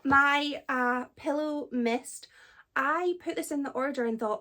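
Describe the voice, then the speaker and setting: Chatty Scottish woman with a high voice. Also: measured pace, bright, forceful tone. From Scotland. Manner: chatty, self-deprecating, laughs often. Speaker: book vlogger. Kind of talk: casual vlog chat.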